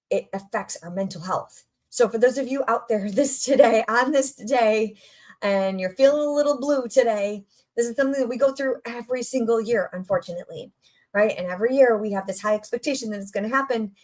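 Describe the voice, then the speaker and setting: A middle-aged woman coaching her audience in an upbeat motivational talk. Her voice sits a little high, and she speaks conversationally, stacking rhetorical questions and repeated phrases.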